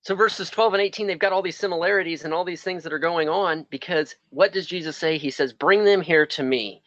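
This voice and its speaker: A man's voice: high voice, steady tone, quick pace, fairly bright tone, no room sound, highs cut off. A man preaching a sermon outdoors, earnest and repeating phrases for emphasis. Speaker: pastor. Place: outdoors in the sun.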